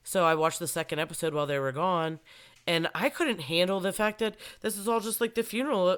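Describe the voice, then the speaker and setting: A woman telling a story in casual chat, animated and acting out her own crying, congested from a cold. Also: on the low side, a little fast, clear, resonant tone.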